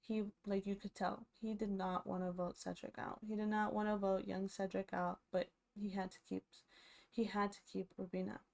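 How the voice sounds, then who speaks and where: A woman's voice: mid-range voice, little pitch movement, moderate pace, creaky, a little mellow. A young woman casually recapping a reality TV episode, chatty and full of fillers and restarts.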